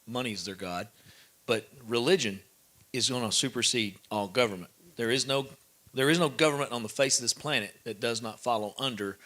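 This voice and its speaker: A man's voice: mid-range voice, pushed and bright. A man speaking at a live event, giving blunt, preachy advice and checking that his listeners follow.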